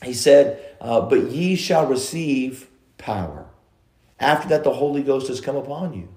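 Male pastor, mid-pitched, storytelling preacher with scripture quotes, echoey sanctuary sound. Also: lively intonation, unhurried. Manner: swings between loud emphasis and hushed asides. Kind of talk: sermon.

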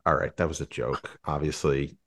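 A man's voice: very deep voice, fairly even intonation, normal speed, fairly bright tone. A man hosting a podcast panel, chatting casually and joking at his own expense. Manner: joking, self-deprecating. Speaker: podcast host.

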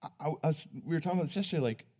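A man's voice: a little high, animated, racing, warm tone. A man preaching, telling a personal story in an earnest, conversational way. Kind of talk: sermon storytelling.

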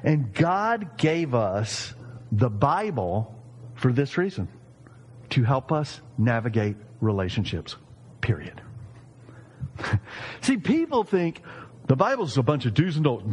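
A man in his fifties preaching a sermon, animated and jokey, acting out quoted voices. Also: a little high, unhurried, breathy edge, big-room sound. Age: 50s. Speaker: pastor.

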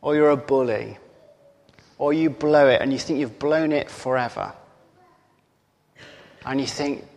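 A man preaching a sermon, telling a story slowly and earnestly, sometimes dropping to near-whispers. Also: mid-range voice, gravelly, darkish tone. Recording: long hall reverb.

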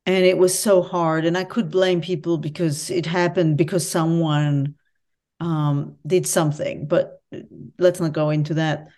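A woman in a conversational interview, with a voice pitched a little on the low side. She talks earnestly and reflectively as an author and professor, speaking openly about personal struggle. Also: darkish tone.

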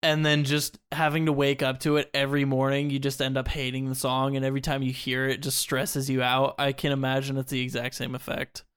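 A man's voice: medium pitch, monotone, fairly quick, hardly any pauses, fairly bright tone, clean tone. A young man co-hosting a podcast in casual chat, teasing and laughing often. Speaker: podcast co-host.

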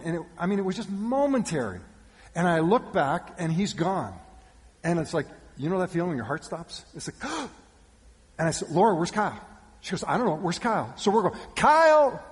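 A male pastor giving a sermon with animated storytelling, shifting between loud calls and hushed asides. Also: fairly high pitch. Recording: long reverb of a church hall.

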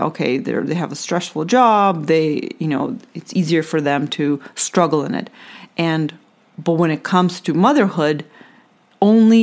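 Earnest, encouraging woman podcaster. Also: lowish voice. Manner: earnest, encouraging, speaks directly to the listener. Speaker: podcast host and mother. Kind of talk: reflective solo podcast talk.

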